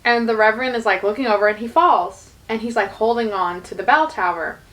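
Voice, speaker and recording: A woman's voice: on the high side, fairly quick, a bit bright. A young woman telling a story in casual chat, full of "like" and quoted lines. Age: young adult. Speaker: YouTuber retelling a musical's plot.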